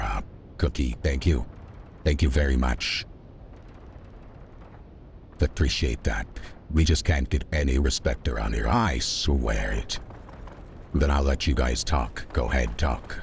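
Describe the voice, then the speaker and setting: Very deep-voiced man rambling to stream chat. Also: a little mellow, slight background noise. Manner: rambling, chatty, talks back to chat. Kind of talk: livestream gameplay commentary.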